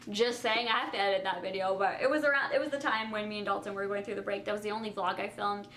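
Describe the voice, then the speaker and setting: A woman's voice: medium pitch, fairly even intonation, fast talker, fairly bright tone, a little hiss or hum. A young woman vlogging at home at night, talking casually to the camera with lots of fillers.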